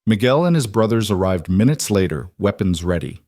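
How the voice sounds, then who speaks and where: Man, scripted story narration, low voice, dry sound, even and steady. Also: fairly quick, no room sound.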